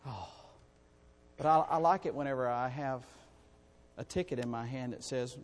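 A man preaching a sermon to his congregation, in a folksy, animated way with calls for amens. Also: medium pitch, normal speed. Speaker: pastor. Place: church sanctuary. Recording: long reverb in a church hall.

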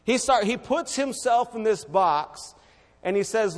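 A man with a high-pitched voice preaches an evening church sermon, pressing hard on his points before dropping into a hushed, quiet delivery. His voice rings out with a long reverb from the church hall around him. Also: expressive, a little slow. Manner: fervent, swings between loud exhortation and hushed quiet.

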